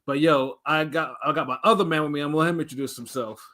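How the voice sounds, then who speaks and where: A man's voice: a little high, steady tone, fast, pushed and bright. A man co-hosting a boxing talk show in easygoing casual chat, with many fillers. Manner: easygoing, filler-heavy, laughs along.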